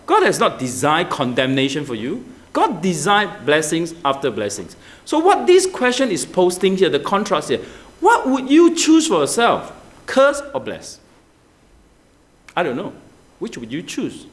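A man preaching a sermon, constantly asking his congregation questions and urging online viewers to comment. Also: sits high. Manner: animated, asks the congregation many questions.

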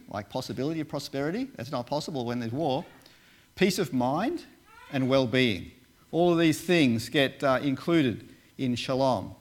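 A man who once worked as a Bible translator, giving a casual sermon and talking through slides with many fillers and restarts. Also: medium pitch. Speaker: preacher, former Bible translator.

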